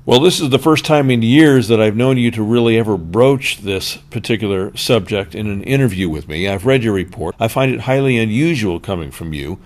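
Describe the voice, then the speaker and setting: A man with a fairly low voice hosts a radio interview. He puts his questions plainly and presses the guest for reasons. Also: animated, brisk, few pauses. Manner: probing, direct questions.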